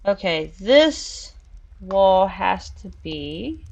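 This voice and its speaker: A woman's voice: mid-range voice, big pitch swings, extremely slow, gravelly. A woman hosting a casual live stream, chatting and laughing while she builds in a virtual world and coos at her cats. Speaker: streamer and show host.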